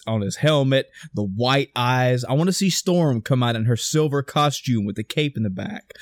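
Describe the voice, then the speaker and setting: A man in his thirties, excitably talking in a casual chat, swearing freely and acting out scenes. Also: medium pitch, no room sound, studio quality.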